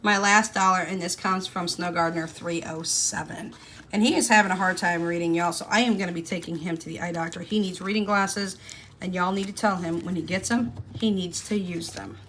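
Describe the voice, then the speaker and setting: A woman's voice: fairly low pitch, steady tone, brisk, a bit bright, slight background noise. A woman, chatting casually and folksily to her viewers while stuffing cash envelopes. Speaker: budgeting vlogger. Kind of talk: casual chat to camera.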